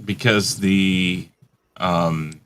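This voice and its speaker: Man, low voice, casual panel chat, explains things patiently, firm corrections. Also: steady tone, extremely slow, a bit bright. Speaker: podcast panelist.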